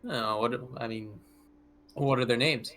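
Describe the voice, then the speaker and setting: A man playing in a tabletop game, asking easygoing, halting questions in casual chat. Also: mid-range voice, fairly even intonation, fairly bright tone. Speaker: player.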